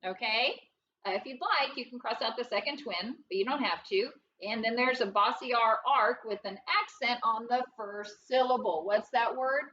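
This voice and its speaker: A woman's voice: on the high side, normal speed, pushed and bright, distant mic, dull audio, slight background noise. A woman teaching a recorded phonics lesson, explaining step by step in a patient, encouraging, sing-song way.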